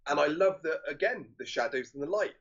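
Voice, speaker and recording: A man's voice: a little high, expressive, a little fast, a bit bright, muffled recording. A man co-hosting a podcast, talking eagerly about film shots, with stumbling restarts and casual swearing. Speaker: podcast co-host.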